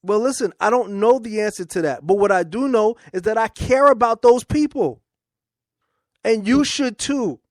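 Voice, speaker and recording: A man's voice: high-pitched, expressive, moderate pace, no room sound, studio quality. A man hosting his own talk show, speaking in a casual, informal way and often repeating words as he starts a thought. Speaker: podcast host. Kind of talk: casual political monologue.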